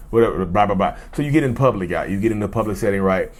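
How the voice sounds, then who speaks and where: Lively low-voiced man talking to camera. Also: fast talker, hardly any pauses. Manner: animated, repetitive, addresses viewers as y'all. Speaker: host. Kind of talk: casual talk to camera.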